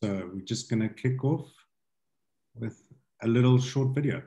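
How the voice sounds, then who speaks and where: A man's voice: medium pitch, unhurried, creaky, mellow, echoey room, poor audio. A man hosting an event, giving an earnest introduction full of fillers. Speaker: host.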